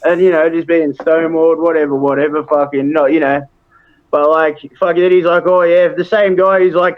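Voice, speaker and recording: A man's voice: a little high, flat delivery, brisk, narrow, tinny audio. An Australian man, a wrestler guesting on a podcast, ranting bluntly and swearing constantly in casual chat.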